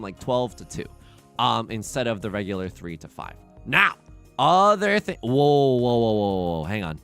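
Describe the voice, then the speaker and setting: Young male streamer, gravelly and animated, rambling casual banter over faint background music. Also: medium pitch. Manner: rambling, self-mocking, with many restarts. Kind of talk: casual livestream chat while playing.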